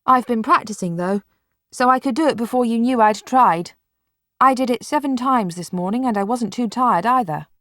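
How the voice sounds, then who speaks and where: A woman's voice: a little high, normal speed, fairly bright tone, no echo, clean studio sound, pitched above the performer's own voice, natural voice. A woman voicing a cheerful, determined young boy in a storybook reading. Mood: proud.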